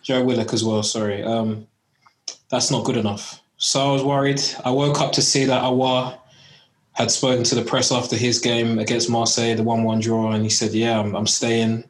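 Male podcast co-host, mid-range voice, measured storytelling, roomy echo. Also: mid-range voice, little pitch movement. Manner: measured, recounting events step by step. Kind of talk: casual football podcast chat.

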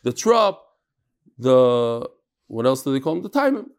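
A man's voice: mid-range voice, sing-song, a little slow, clear, resonant tone. A man teaching a casual study-group class, chanting lines and then explaining them with restarts and joking asides. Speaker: Talmud teacher.

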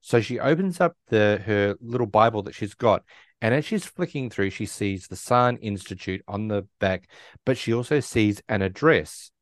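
A man with a lowish voice, at normal speed, co-hosts a casual movie recap podcast in clean studio sound with no echo. He rambles through the plot, restarting often and quoting lines along the way.

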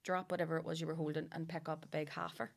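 A woman with a Northern Irish accent telling stories in casual chat, animated and laughing, with frequent swearing. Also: low-pitched, very fast, vocal fry.

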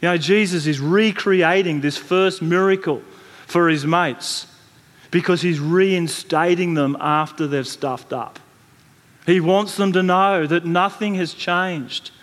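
A man's voice: sits high, takes it slowly. A man preaching a sermon, telling the story in a conversational way with frequent restarts and repeated words. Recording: long reverb from a large hall.

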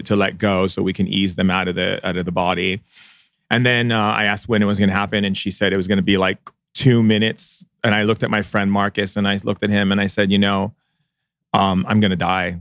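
A man recounting a personal experience as a podcast guest, speaking slowly and reflectively with frequent pauses and fillers. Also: on the low side, no room sound, studio quality. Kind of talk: personal storytelling in a podcast interview.

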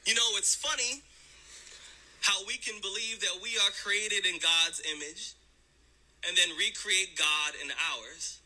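A man speaking in a measured, reflective spoken-word clip that is played back. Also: high-pitched, sharp tone, low-quality recording.

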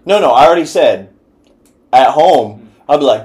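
A man's voice: medium pitch, lively intonation, normal speed, darkish tone. A man co-hosting a casual sports podcast, talking profanely and repeating his point. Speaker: podcast co-host.

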